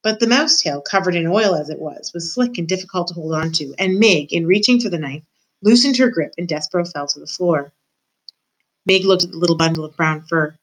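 A woman teacher reading a children's book aloud to her class, warm and expressive in her storytelling. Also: fairly low pitch, a little fast, poor audio.

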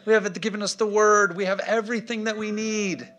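A man's voice: sits high, fairly even intonation, a little fast, a bit bright. A man preaching a sermon, emphatic and punchy, checking in with his congregation. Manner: emphatic, punchy, call-and-response. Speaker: pastor.

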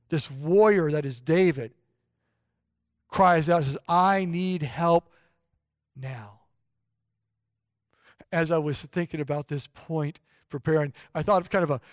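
A middle-aged man preaching a sermon in an earnest voice, often dropping to a soft, hushed tone for personal stories. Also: fairly high pitch, dry recording, clean studio sound. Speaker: pastor.

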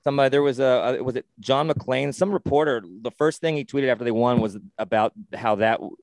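A man co-hosting a podcast in casual sports chat, rambling and excitable with lots of swearing and restarts. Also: medium pitch, a little fast, dry recording. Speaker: podcast co-host.

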